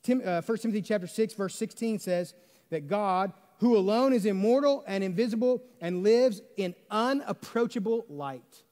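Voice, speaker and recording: High-voiced preacher in a reverberant hall. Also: male voice, moderate pace, a little mellow. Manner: conversational preaching with rhetorical questions and Southern "y'all". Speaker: pastor. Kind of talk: sermon. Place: church sanctuary under stage lights.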